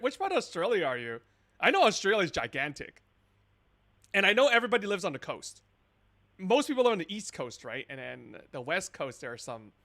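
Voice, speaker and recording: A man's voice: high-pitched, bright, forceful tone. A man streaming a scambait call, chatting in rambling asides and laughing between remarks. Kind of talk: live-stream commentary.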